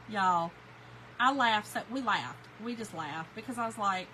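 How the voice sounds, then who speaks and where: A middle-aged Southern woman from Kentucky talks casually to her livestream viewers, spinning folksy stories with plenty of slang. Her voice sits a little high and sounds bright. A faint hum of ambience runs underneath. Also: sing-song, normal speed, poor audio. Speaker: crafting livestream host. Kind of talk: casual chat reading live comments.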